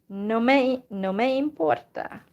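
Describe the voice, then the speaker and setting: Slow, careful woman teaching phrases. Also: on the high side, darkish tone, muffled recording. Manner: slow and careful, repeats phrases, many fillers. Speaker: language teacher. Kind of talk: slow informal language lesson.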